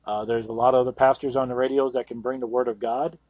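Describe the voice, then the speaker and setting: Reading the Bible aloud and preaching on it, this radio host talks fast in a mid-range, slightly mellow voice with a level tone, captured in a dry recording. He's a Bible teacher on a Christian program, and his commentary is earnest and emphatic, peppered with "you know."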